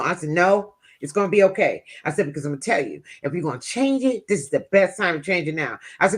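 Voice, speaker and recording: A woman's voice: on the low side, sing-song, fast, hardly any pauses, husky. A woman vlogger casually telling viewers a personal story in a chatty, folksy way.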